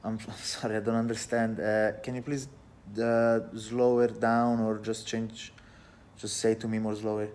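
Confused customer, played by a man, stumbling, lower voice. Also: fairly even intonation, brisk, hardly any pauses, slight background noise, close to an everyday voice. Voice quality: hesitant, stumbling restarts. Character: confused male bank customer, patient then fed up.

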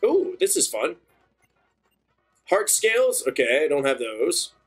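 A young man hosting a gaming channel, giving chatty, excitable let's-play commentary. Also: a little high, a little slow, breathy edge, soft background music. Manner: excitable, chatty, bursts into cheers.

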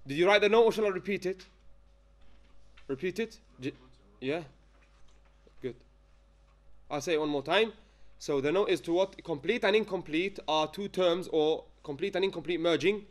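A high-pitched male Quran recitation teacher leads a tajweed lesson in class, dictating slowly and frequently asking students questions to check their understanding. For examples, he chants Arabic verses.

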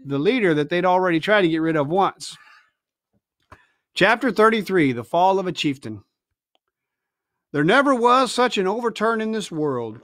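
A man reading a novel aloud at home on a livestream, expressive, with chatty asides. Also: fairly high pitch, no echo, studio quality. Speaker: reader. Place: family home, indoors.

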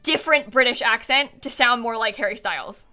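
A woman's voice: a little high, brisk, sharp tone. A young woman in her twenties chatting casually on a live game stream, giggly and talkative. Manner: giggly, chatty, often breaks into laughter. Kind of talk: casual live-stream chat while playing a life-sim game.

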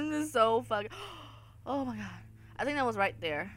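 A woman with a fairly high, very lively voice narrates a horror game playthrough, jumpy and quick to swear. She blurts out loud frightened outbursts and keeps addressing her viewers directly. A faint hiss sits under the recording. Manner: talks to viewers as y'all. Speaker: gaming video host. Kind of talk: horror game let's-play commentary.

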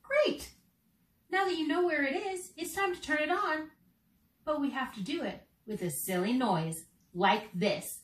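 A young woman, a children's theater teaching artist, leading kids through warm-up games in a slow, encouraging, playful way. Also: high-pitched, roomy sound, far from the mic.

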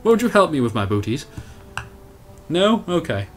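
Young man, gameplay commentary, animated, swears a lot, very lively pitch, faint music behind. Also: moderate pace. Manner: animated, swearing, self-mocking, talks to the game. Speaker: let's play host.

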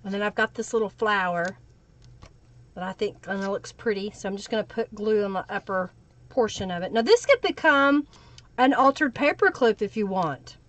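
A woman's voice: mid-range voice, animated, normal speed, fairly bright tone. A woman hosting a live craft stream, chatting and thinking aloud while she works and greeting viewers by name. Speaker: craft livestream host. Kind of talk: live crafting tutorial with chat shout-outs.

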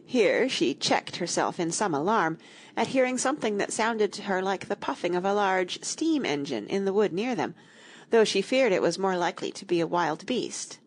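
A woman narrating a children's audiobook in an expressive storytelling way, with a breathy voice. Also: mid-range voice, moderate pace.

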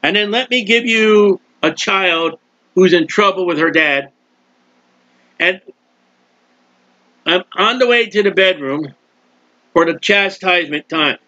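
A man's voice: high voice, takes it slowly, pauses often, pushed and bright, no echo. A male preacher giving an impassioned sermon and acting out prayers, in a dull lo-fi recording. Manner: impassioned, acts out prayers and quotes.

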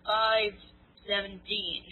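An American teenage girl chatting casually as a guest, teasing and deadpan. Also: mid-range voice, takes it slowly, slight background noise. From United States. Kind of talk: casual chat over voice call. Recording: tinny lo-fi voice-call audio.

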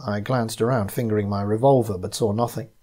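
A man reading his own detective story in first person, in a measured, even narration. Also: on the low side. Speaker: narrator and author.

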